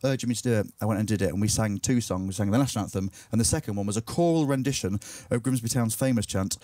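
A man's voice: lowish voice, quick pace, mellow, no echo, distant mic. A young man doing a stand-up comedy set, chatty and self-mocking, tripping over his words. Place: live comedy venue with audience.

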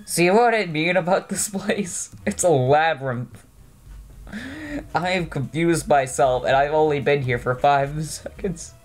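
This man's voice is on the high side and a little slow as he rambles over a video game. A let's play host with no webcam, he teases himself and peppers his talk with "uh" and "like."

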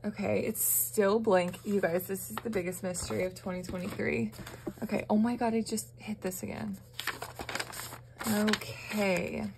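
A young woman from the American South chats to her viewers in a casual vlog, gushing and gasping with excitement. Her voice sits at an ordinary middle pitch. A faint hiss of room noise runs underneath. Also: a little slow, gravelly. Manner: gushing, excitable, frequent gasps. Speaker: budgeting vlogger.

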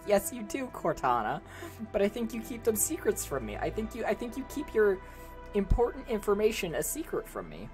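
A young woman streaming a game live, animated and laughing as she banters with her chat and an AI companion. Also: mid-range voice, normal speed, faint music behind.

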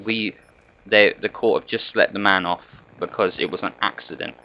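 A man's voice: deep voice, normal speed, lo-fi sound. A young man giving rambling gameplay commentary, chatty and full of rhetorical questions to his viewers. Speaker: gaming channel host.

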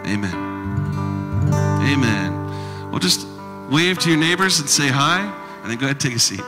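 A man leading worship, praying slowly and earnestly to the congregation. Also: a little high, lively intonation, music in the background. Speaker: worship leader. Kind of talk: spoken prayer over music.

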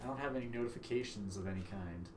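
A young man livestreaming a game, chatting casually with viewers, loud and joking with free swearing. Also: fairly low pitch, fast, background noise. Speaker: livestream gamer. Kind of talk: casual stream chat. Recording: echoey room, faint ambience.

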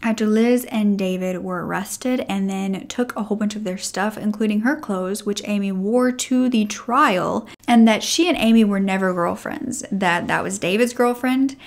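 A woman telling a true crime story from a script. She keeps a measured, somber pace, laying out the facts of the case in an even, middle-pitched voice.

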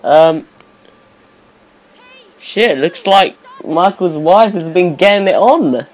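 A man's voice: sits high, expressive, slow pace. A young man giving rambling, self-correcting let's play commentary over his gameplay as a gaming YouTuber.

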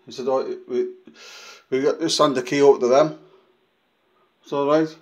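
A man chatting casually on a vlog, rambling and restarting as he tells a story while filming his own flat. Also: mid-range voice, measured pace, long pauses. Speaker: vlogger.

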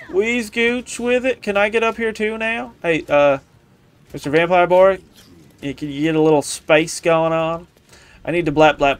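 A man with a fairly high voice streams a video game. He gives excitable running commentary and talks back to the characters on screen. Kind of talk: casual gameplay commentary.

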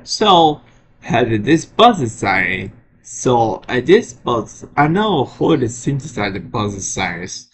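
A man presenting his alarm sirens in a casual show-and-tell vlog, often halting and restarting his sentences. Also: medium pitch, very animated. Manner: halting, frequent restarts and repeated words. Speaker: vlogger showing alarm sirens.

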